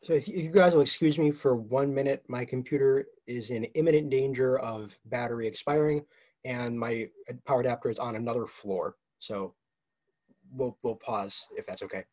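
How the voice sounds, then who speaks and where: A man's voice: medium pitch, moderate pace, a little mellow. A young man moderating a student podcast, posing long, carefully phrased questions. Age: young adult. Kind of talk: casual podcast discussion.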